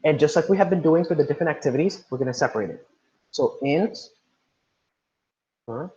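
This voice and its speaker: A man's voice: on the high side, lively intonation, a little fast, warm tone. A man teaching an online class, repeating instructions and calling on students by name over a video call. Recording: roomy, dull lo-fi sound.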